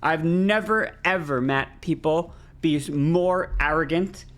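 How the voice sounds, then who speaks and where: A woman's voice: low-pitched, takes it slowly. A woman talking to her stream audience while she plays a game. She rants in a loose, casual way, swearing heavily and tripping over her own sentences as she restarts them. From not American. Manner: ranting, heavy swearing, frequent restarts.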